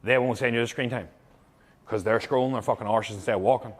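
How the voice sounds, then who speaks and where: A man's voice: mid-range voice, steady tone, fast, slightly rough. A young man, a fitness coach, giving blunt, heavily profane, emphatic advice to fellow coaches.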